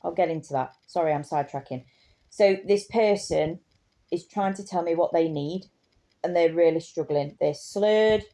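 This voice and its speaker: A woman's voice: fairly low pitch, normal speed, warm tone. A woman telling a story in a casual, impassioned way, indignant and rambling with restarts.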